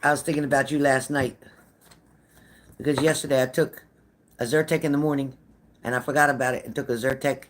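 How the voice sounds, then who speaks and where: A woman's voice: extremely low pitch, fairly even intonation, a little fast, pauses often, slight background noise. An older woman, a psychic medium, chatting casually with viewers on a live stream, greeting them by name and repeating herself.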